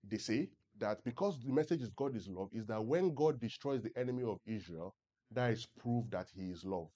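A man's voice: on the low side, animated, fairly quick, warm tone, highs cut off. A man preaching a sermon as a pastor. He keeps checking that the congregation is following him and leads them in reading scripture aloud together. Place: church service with a congregation.

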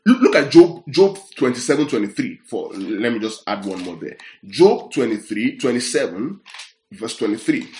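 A man's voice: mid-range voice, very animated, moderate pace, darkish tone, slight background noise. A man preaching a Bible-teaching sermon. He speaks emphatically and keeps checking in with his listeners. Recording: roomy echoey sound.

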